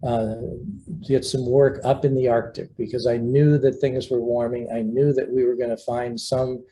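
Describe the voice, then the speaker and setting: An older man, a research scientist and mentor, telling anecdotes at home in a relaxed, halting interview manner. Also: mid-range voice, a little hiss or hum, poor audio. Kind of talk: casual storytelling interview.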